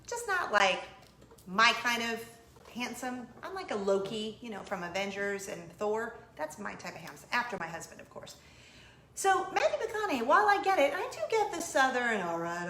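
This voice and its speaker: A woman's voice: on the high side, sharp tone, reverberant. A middle-aged woman hosting a casual video chat, telling stories animatedly, laughing often and exclaiming. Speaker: vlog host.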